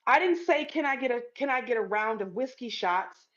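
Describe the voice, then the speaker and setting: High-voiced woman ranting a storytime, blunt and swearing a lot, kinda dull lo-fi sound. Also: lively intonation, fairly quick, fairly bright tone. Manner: blunt, profane, emphatic retelling. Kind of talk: storytime rant to camera.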